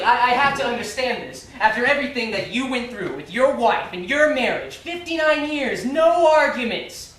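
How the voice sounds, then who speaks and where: A man's voice: high voice, fairly bright tone. An actor in his thirties playing a frustrated, hurt gay man on stage, speaking with tense agitation. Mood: accusing. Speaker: visitor. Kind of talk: stage play acting. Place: theater stage. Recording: echoey stage, from far off, faint ambience.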